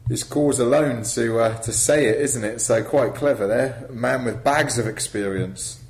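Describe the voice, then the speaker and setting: A man co-hosting a casual chat, musing and trailing off quietly. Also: medium pitch, moderate pace, echoey room, slight background noise, poor audio. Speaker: podcast co-host.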